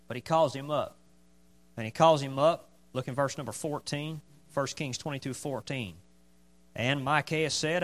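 A man's voice: medium pitch, normal speed. A man pastor preaching a sermon emphatically, repeating his points for stress.

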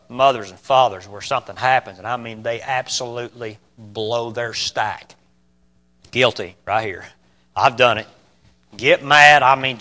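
A man preaching a sermon, asking his listeners questions and swinging between loud emphatic bursts and quiet, calm lines. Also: mid-range voice. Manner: asks the listeners rhetorical questions.

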